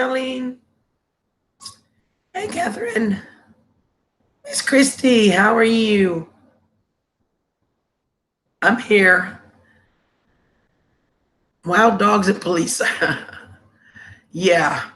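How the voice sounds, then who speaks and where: A woman's voice: medium pitch, fairly bright tone. A woman hosting a casual live stream, congested and sniffly with a cough, greeting viewers with endearments over a laptop microphone.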